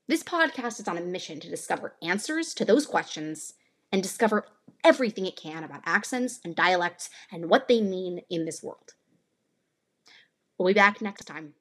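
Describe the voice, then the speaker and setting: A woman from Northern California hosting a podcast, giving an earnest, explanatory scripted narration. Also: mid-range voice. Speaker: podcast host.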